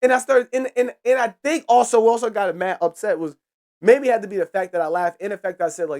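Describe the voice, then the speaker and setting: Animated young man telling a profane story. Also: extremely high pitch, a little fast. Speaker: podcast host. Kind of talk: casual storytelling rant.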